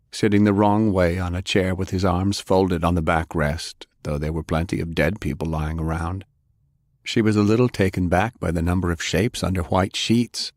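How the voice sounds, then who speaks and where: Brief: audiobook narrator, male, measured, very low voice, dry close sound. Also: darkish tone, no room sound.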